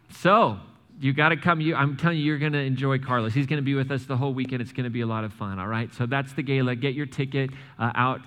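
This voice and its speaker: A man preaching to his congregation as pastor, animated, stumbling over and restarting words, speaking straight to the people in the pews. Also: medium pitch, long reverb tail. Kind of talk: sermon with church announcements. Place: church sanctuary.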